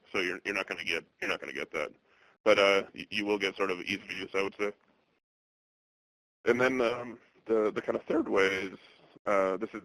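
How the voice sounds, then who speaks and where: Low, bright-toned man presenting a webinar. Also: poor audio. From Boston area. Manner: halting, many fillers and restarts; monotone delivery.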